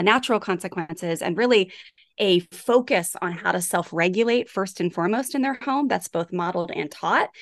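A woman's voice: medium pitch, no room sound, clean studio sound. A woman speaking as a parenting coach guest on a podcast, explaining her approach in an earnest, teaching way. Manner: earnest, explanatory, faith-inflected. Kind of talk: podcast interview.

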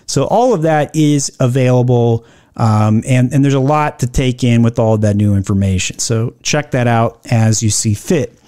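A man giving blunt, opinionated business commentary, reading out policy lines slowly and then riffing on them with sarcasm. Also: mid-range voice, dark tone. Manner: reads quoted policy text slowly, then riffs.

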